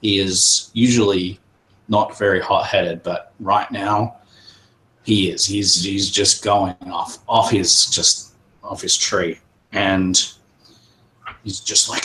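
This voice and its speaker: A man narrating as game master in a tabletop game, pausing often with fillers. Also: sits low, steady tone, pushed and bright, low-quality recording. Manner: hesitant, many pauses and fillers.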